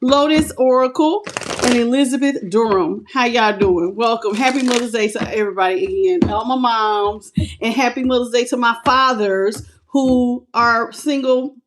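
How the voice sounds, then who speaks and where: A middle-aged woman hosting a live tarot stream, chatting casually and warmly calling her viewers "baby" while out of breath. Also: fairly high pitch, normal speed, noisy background. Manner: chatty, affectionate, calls viewers "baby" and "y'all".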